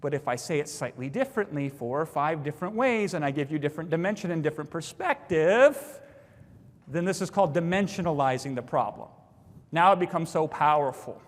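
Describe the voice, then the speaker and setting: A man teaching sales techniques at a live seminar, punchy and emphatic, often acting out his own pitch lines. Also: lively intonation, a little fast, in a large hall. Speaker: sales trainer.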